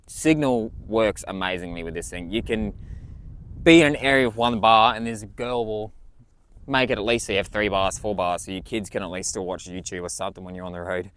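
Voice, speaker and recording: A man's voice: lowish voice, dry recording. A man walking through his vehicle build in a casual, enthusiastic way, swearing freely. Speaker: vlogger.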